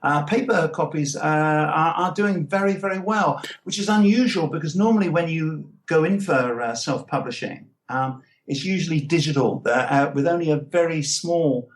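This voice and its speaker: Older male guest, higher-pitched, halting delivery thick with fillers. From England, Anglo-Irish background. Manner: hesitant, many fillers and restarts. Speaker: guest comics writer. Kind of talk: casual interview talk.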